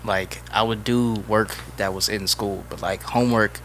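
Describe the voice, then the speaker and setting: Young man, bright tone, casual laid-back chat, faint background noise. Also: on the low side, steady tone, normal speed. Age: young adult. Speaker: podcast co-host.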